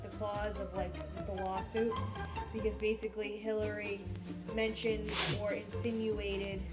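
A woman co-hosting a casual podcast chat, ranting in a crude, profane, animated way. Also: medium pitch.

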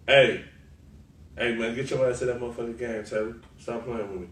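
A man co-hosting a podcast, talking football in a loose, animated, profane way and laughing often. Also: mid-range voice, fairly quick. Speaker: podcast co-host. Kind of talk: casual sports chat. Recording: roomy, far from the mic, faint noise.

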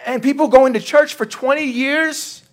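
A man preaching a sermon in a folksy, animated way, acting out the lines he quotes. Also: very high voice, moderate pace. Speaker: pastor.

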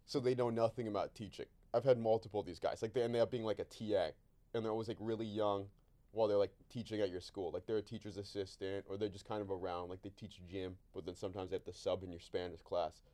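A man's voice: fairly low pitch, steady tone, fast, mellow. Rambling joking young man. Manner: joking, rambling, full of fillers. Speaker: podcast host. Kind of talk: casual chat.

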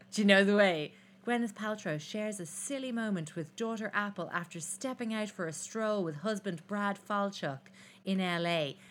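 A young woman co-hosts a podcast in a relaxed, gossipy chat. Her voice sits a little low, and her delivery is wry and knowing. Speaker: podcast co-host. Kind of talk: casual chat.

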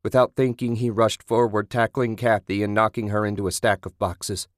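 A man narrating a graphic horror audiobook in a steady, scripted delivery. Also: fairly low pitch, moderate pace, no echo, studio quality.

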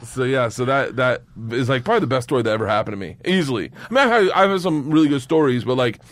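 Animated, profane comedian man. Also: medium pitch, fast talker, very noisy. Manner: animated, profane, breaks into loud laughter. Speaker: comedian guest. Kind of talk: comedic storytelling.

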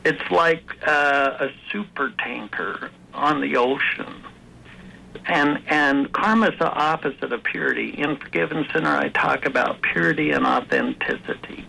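A man with a fairly high, bright and gravelly voice talks earnestly as an interview guest, stopping and restarting as he tells his story. His tone is forceful and tense. A faint hiss sits under the recording. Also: animated, normal speed, poor audio. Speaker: author and guest. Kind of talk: conversational interview.

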